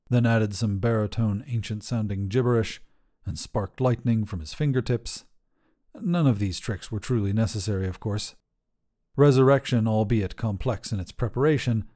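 Brief: man reading a fantasy story aloud, even and dry, warm tone. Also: lowish voice, normal speed. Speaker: narrator. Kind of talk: audiobook story narration.

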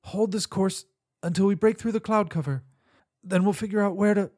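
A man voicing a wounded, calm starship captain woman. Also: high-pitched, normal speed, pitched above the performer's own voice. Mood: commanding. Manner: steady commanding orders.

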